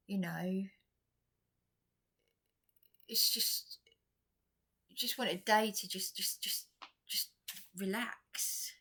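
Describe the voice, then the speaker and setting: A woman's voice: mid-range voice, creaky, fairly bright tone. Exhausted rambling woman vlogger. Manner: rambling, repeats and restarts, drops to whispers. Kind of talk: rambling personal vlog monologue.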